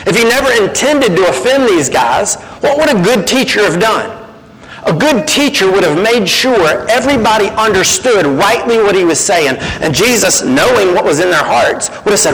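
A man's voice: high voice, big-room sound, a little hiss or hum, low-quality recording. A man preaching as a guest speaker, acting out the voices he quotes. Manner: animated, acts out quoted voices. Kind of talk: sermon.

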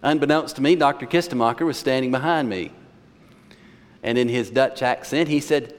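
A man's voice: medium pitch, a little fast. Male pastor preaching in a reverberant church. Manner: conversational storytelling preacher. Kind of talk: sermon.

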